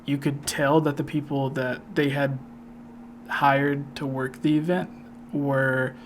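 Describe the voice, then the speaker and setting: A man interviews a guest for his channel, his voice staying flat and level as he wanders through long, filler-filled questions. A faint hiss sits under the recording. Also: mid-range voice, slow. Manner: rambling, filler-heavy questions. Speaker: YouTube interviewer. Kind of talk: casual interview chat.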